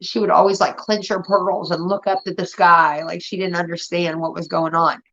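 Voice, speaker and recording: A woman's voice: on the low side, normal speed. Woman in her 30s ranting about family, swears a lot, does the voices, muffled lo-fi sound. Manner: profane, animated, acts out family members. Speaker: streamer. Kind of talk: casual storytelling. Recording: dull lo-fi audio.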